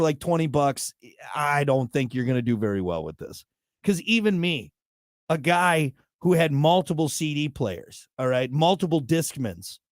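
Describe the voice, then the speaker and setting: A man's voice: fairly high pitch, no room sound, clean studio sound. A man hosting a talk show, delivering a blunt, worked-up monologue with jokey asides. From United States. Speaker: show host.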